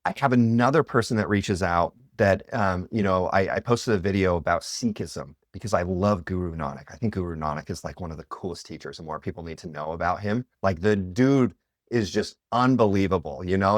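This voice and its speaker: A man in his thirties, a podcast guest, telling personal stories in an animated, conversational way, full of "like" and "you know". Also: low-pitched, moderate pace, no echo, clean studio sound. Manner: animated, filler-heavy, with lots of "like" and "you know".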